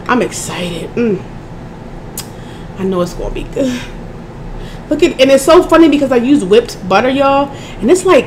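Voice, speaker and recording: A hoarse woman vlogger chatting casually to her viewers as she eats, often clearing her throat. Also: sits high, darkish tone, a little hiss or hum. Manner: chatty, addresses audience as y'all, keeps clearing her throat. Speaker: mukbang vlogger. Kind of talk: casual eating chat to viewers.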